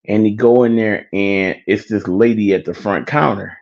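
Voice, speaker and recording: A man's voice: on the low side, fairly even intonation, moderate pace, vocal fry, a little mellow, muffled recording. Man rambling through a casual story. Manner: rambling, loose with filler. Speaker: show host.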